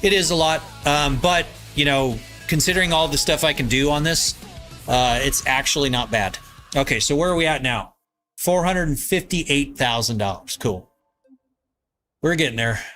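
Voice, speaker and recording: A man's voice: fairly high pitch, moderate pace, fairly bright tone, faint music behind. Nasal man streaming live. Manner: reads viewer comments aloud and answers them, rambling with fillers. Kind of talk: casual live-stream chat while gaming. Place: home basement.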